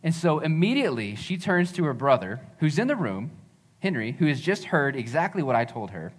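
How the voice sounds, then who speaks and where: A man's voice: a little high, big pitch swings, brisk. A man in his thirties preaching a sermon as pastor, earnest and conversational, often repeating phrases.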